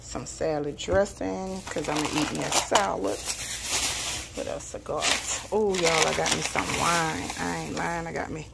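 A woman's voice: low-pitched, fairly even intonation, unhurried, vocal fry. A woman chatting to her viewers about her purchases, filming on a handheld phone at home. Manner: chatty, addresses viewers as y'all, listing purchases. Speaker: home decor vlog host. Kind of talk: casual chat to viewers. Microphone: handheld phone, no tripod. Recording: loud background noise.

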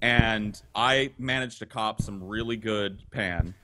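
A man's voice: fairly low pitch, slow. A man telling a long rambling story on a casual podcast, restarting sentences as he goes. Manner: rambling, animated, restarts often. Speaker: guest storyteller. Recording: noisy podcast audio.

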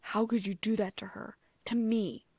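Woman doing a cold grieving dad, flat accusing voice with some fry. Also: medium pitch, normal speed, dry recording. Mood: cold accusation. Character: grieving, furious adult man, a father.

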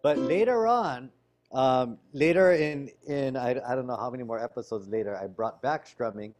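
A man teaching a ukulele lesson over a video call, explaining strumming technique in a relaxed way while he demonstrates. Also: medium pitch, normal speed, music in the background. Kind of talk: online music lesson. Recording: ukulele playing loud behind voice.

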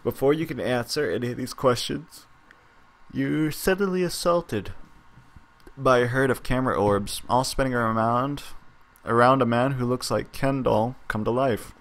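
A man's voice: mid-range voice, moderate pace, a bit bright. A man reading an interactive story game aloud, breaking off into casual chat and asides. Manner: reads narration aloud, breaks off to chat and laugh. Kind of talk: casual game read-through.

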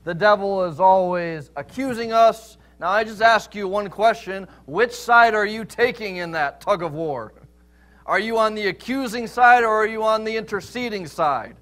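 A man with a fairly high voice preaches a sermon in a church. He hammers home points with rhetorical questions, then drops low and quiet to read scripture aloud. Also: normal speed. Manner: emphatic, rhetorical questions, shifts between loud stress and quiet scripture reading. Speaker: pastor.

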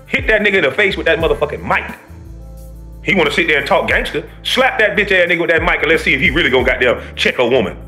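A man's voice: on the high side, bright, forceful tone. A man giving a heated, profane reaction commentary, ranting and preaching to his viewers.

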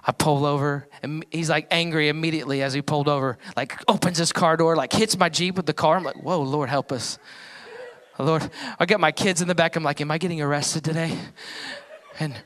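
A young man preaching a sermon as pastor, telling a story with animated voices for the people in it. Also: on the high side, fast talker, few pauses. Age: young adult. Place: church.

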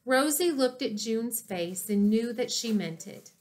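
A woman narrating a children's chapter book in an expressive storytelling manner. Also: fairly high pitch, unhurried. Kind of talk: children's audiobook reading.

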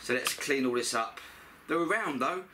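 A man's voice: mid-range voice, expressive, normal speed, distant mic, background noise. A man talking viewers through a moped repair as he works, in a rambling, chatty way with asides to the audience. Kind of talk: chatty workshop commentary while working. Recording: echoey garage, voice off-mic.

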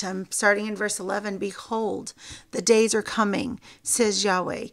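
A woman teaching from scripture, reading verses slowly and deliberately and becoming emotional at times. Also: medium pitch, fairly bright tone. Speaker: Bible teacher.

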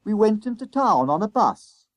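An eager, bragging young schoolboy from a storybook reading, as a man puts him on. The voice is high and excited, swooping up and down as he boasts. It sits close and dry on the mic. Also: normal speed, no room sound. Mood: boastful.

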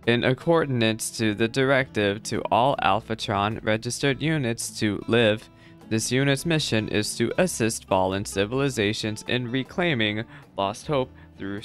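A man's voice: fairly low pitch, a bit bright. A man voicing a formal, literal-minded robot unit with a clipped, mechanical delivery while reading game dialogue aloud.

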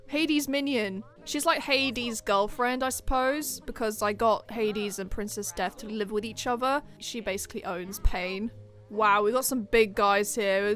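A high-pitched woman commenting on a life-simulation game in an excitable, giggly, chatty way. She speaks unhurriedly, with faint game music playing behind her. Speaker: gaming channel host. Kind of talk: let's play commentary.

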